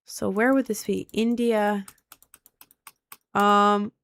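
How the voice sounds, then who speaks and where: A woman's voice: mid-range voice, little pitch movement, takes it slowly, a bit bright, no room sound. A young woman streaming a map-guessing game, thinking aloud and asking her chat for help in casual gameplay commentary.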